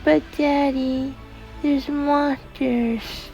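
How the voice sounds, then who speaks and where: A woman voicing a scared little girl who talks slowly and pleads. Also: high-pitched, level tone, gravelly, warm tone, faint music behind, voice pushed up, heavily acted, rough recording. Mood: frightened.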